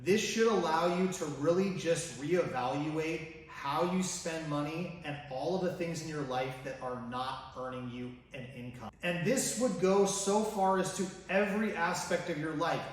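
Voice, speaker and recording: A man's voice: fairly high pitch, moderate pace, few pauses. A man hosting a personal finance video, talking straight to the viewer with enthusiasm and many rhetorical questions. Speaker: finance YouTuber. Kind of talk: direct-to-camera finance vlog. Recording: very echoey room, mic at a distance.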